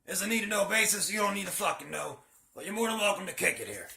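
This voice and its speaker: A smug, smart-mouthed director waves people off with casual swagger, as a man plays him. His voice is gravelly and bright, in a roomy space. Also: sits high, expressive, quick pace, a little hiss or hum, heavily acted. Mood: cocky. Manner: dismissive, cocky.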